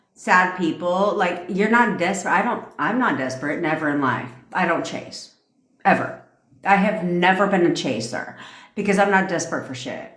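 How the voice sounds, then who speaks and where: Woman, manifestation coach, profane mocking rant, low voice with lively swings, echoey room. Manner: profane, blunt and mocking, answers chat comments. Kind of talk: casual livestream rant.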